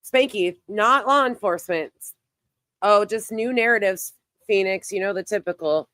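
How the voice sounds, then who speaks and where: A woman's voice: mid-range voice, normal speed, a bit bright, dry recording. A woman hosting a casual livestream who talks bluntly, swears and greets her chat by name, and she is losing her voice. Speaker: livestream host.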